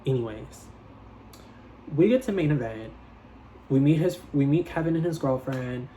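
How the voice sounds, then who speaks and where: Young male vlogger, mid-pitched voice, dramatic gossipy storytelling with constant fillers. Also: lively intonation, moderate pace, mellow, a little hiss or hum, rough recording. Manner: chatty, heavy on filler "like", swears freely; dramatic, switches into playful higher voices when quoting people. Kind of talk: casual storytime vlog.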